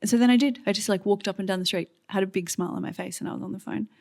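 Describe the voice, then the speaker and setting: A woman in her thirties with an Australian accent, a guest on stage telling a story in lively, chatty fashion with many fillers and acted-out quotes. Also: mid-range voice, rapid-fire, creaky. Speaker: guest author. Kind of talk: on-stage conversation. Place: stage event before an audience.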